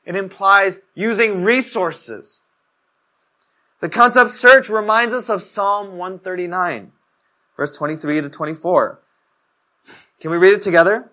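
A man's voice: high voice, unhurried, pauses often, pushed and bright. A young man giving a casual, conversational sermon, telling stories and filling his talk with "like". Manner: casual storytelling, fills talk with "like". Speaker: preacher.

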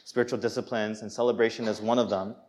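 A man's voice: lowish voice, quick pace. A man preaching a sermon in a church, candid and self-deprecating, acting out quoted voices and laughing at himself. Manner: lively, acts out quoted voices.

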